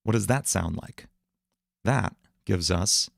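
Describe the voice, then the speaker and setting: A man's voice: sits low, slow pace, creaky, dry recording, studio quality. A man hosting a casual livestream, thinking aloud as he tries out words for a song. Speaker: livestream host writing songs.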